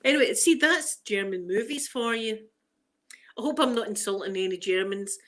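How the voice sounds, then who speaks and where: A woman's voice: medium pitch, moderate pace. Chatty Scottish woman in her forties. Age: 40s. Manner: chatty, self-mocking, laughs often. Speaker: ASMR creator. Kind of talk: casual ASMR chat.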